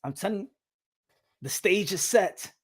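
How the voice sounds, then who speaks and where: A man's voice: high voice, measured pace, breathy edge. A man talking boxing casually, repeating himself and teasing his viewers. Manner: animated, repetitive, hypes and teases viewers. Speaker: boxing commentator.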